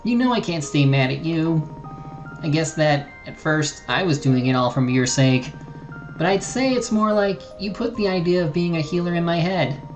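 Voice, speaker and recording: A streamer voicing a soft-hearted, forgiving young woman paladin and healer, reading game dialogue aloud with stumbles and restarts. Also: low-pitched, lively intonation, normal speed, soft background music. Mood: tender.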